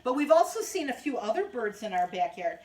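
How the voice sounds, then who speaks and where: A woman gently reading a picture book aloud to small children, in a sing-song way. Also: on the high side, sing-song, fairly quick. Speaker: children's storyteller.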